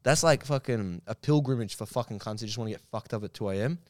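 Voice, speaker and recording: A man's voice: lowish voice, fast talker, no room sound. Rambling, foul-mouthed man, dry mic. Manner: profane, rambling storyteller who slips into mocking impressions. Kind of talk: casual chat.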